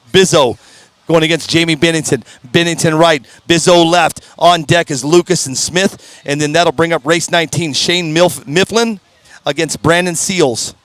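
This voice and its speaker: A man announcing live drag racing in an upbeat, folksy way, fumbling names now and then, his voice strained and clearing his throat. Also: on the high side, fairly even intonation, a little slow, a bit bright, no echo. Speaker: race announcer. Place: at a racetrack.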